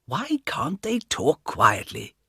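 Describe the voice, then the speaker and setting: A man voicing a small, quiet man in his fifties with mild, fussy thoughts. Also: a little high, huge pitch swings, takes it slowly, creaky, slightly rough, no room sound, clean studio sound, pitched above the performer's own voice, full character voice. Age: 50s. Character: small, quiet fifty-year-old man who dislikes noise.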